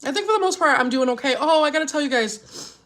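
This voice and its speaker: A woman's voice: high-pitched, expressive, quick pace, fairly bright tone. A woman and mother chatting casually with viewers, worried and rambling with many restarts, upset and near tears. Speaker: vlogger. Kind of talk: casual live chat with viewers.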